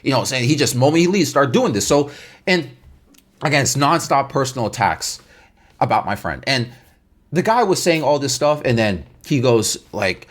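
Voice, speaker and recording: Animated young man telling a gaming story. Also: medium pitch, moderate pace. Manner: animated, slangy, repeats himself for effect. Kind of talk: casual storytime.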